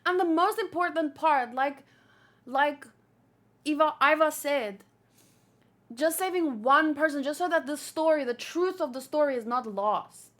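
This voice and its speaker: Bright, chatty woman streamer. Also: high voice, a little slow. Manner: rambling, chatty, swears casually. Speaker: streamer reading manga aloud. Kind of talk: casual manga read-along commentary.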